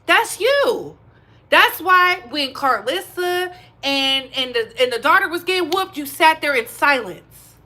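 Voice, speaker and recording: A woman's voice: high-pitched, sing-song, a little slow, sharp tone. A woman giving blunt, sassy reaction commentary on a vlog, repeating her points for emphasis. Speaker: commentary vlogger.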